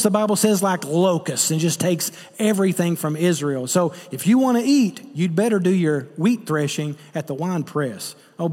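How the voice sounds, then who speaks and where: Pastor, male, high voice, earnest preaching with rhetorical questions; long hall reverb. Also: darkish tone. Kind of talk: sermon.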